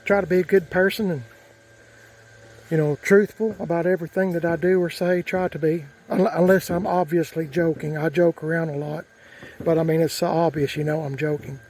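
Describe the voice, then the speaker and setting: A man with a drawl rambles through a story in a folksy way, full of fillers and restarts. His voice sits a bit high for a man. Faint outdoor ambience runs behind him. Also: steady tone, fairly quick, darkish tone, slight background noise, low-quality recording. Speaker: vlogger. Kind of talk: casual storytelling.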